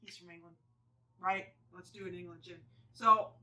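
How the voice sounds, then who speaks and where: Casual home vlogger, female, bright tone, meandering chatty delivery, slightly distant mic. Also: medium pitch, expressive, moderate pace. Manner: rambling, many fillers and restarts. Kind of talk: casual chat to camera.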